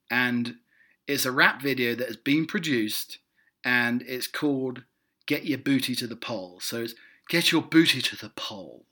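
Give me a British man hosting a comic podcast, meandering and amused, with a bright, sharp tone. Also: medium pitch. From Britain. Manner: meandering, self-amused, many fillers and restarts. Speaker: podcast host. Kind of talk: rambling comic chat. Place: in the United States.

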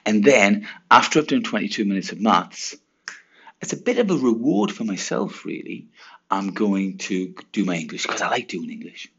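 A diligent schoolboy coaching himself through his homework, as a man puts him on in his own low, gravelly voice. He speaks plainly and matter-of-factly, like he is talking to himself. The sound is dull and lo-fi. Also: lively intonation, normal speed, heavily acted. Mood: self-coaching. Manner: self-talk, matter-of-fact.

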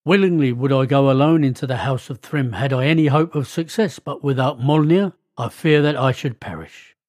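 A man's voice: mid-range voice, moderate pace, a little mellow, dry recording, clean studio sound, natural voice. A man voicing an impatient, mighty male thunder god in a read-aloud myth.

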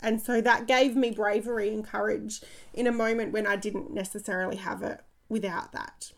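A woman in her thirties talks straight to her listeners in a motivational podcast monologue. She tells her stories in an excited, chatty rush and laughs easily. Her voice has a gravelly fry running through it. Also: medium pitch, normal speed. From Australia. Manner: energetic, chatty storytelling with frequent laughs. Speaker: podcast host and coach.

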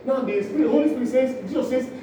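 Male preacher, high voice, impassioned sermon, distant mic, noisy echoing church hall. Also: fast talker. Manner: impassioned, acts out scenes with a volunteer, swings from loud cries to low asides.

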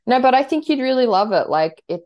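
A woman's voice: on the high side, a little mellow. A young woman co-hosting a podcast, chatting casually, laughing often and talking in bursts with lots of fillers. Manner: bubbly, laughs often, talks in quick bursts with many fillers. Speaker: podcast co-host. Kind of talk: casual chat.

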